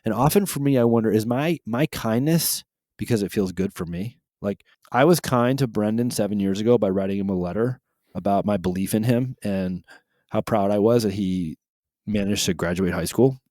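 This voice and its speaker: A man who co-hosts a podcast and works as a teacher, chatting casually. He is an animated storyteller who muses aloud. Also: fairly low pitch, moderate pace, dry recording, studio quality.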